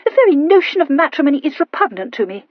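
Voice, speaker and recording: A woman voicing a prim, high-minded young lady who intones her reproofs. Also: big pitch swings, fast, no room sound, muffled recording.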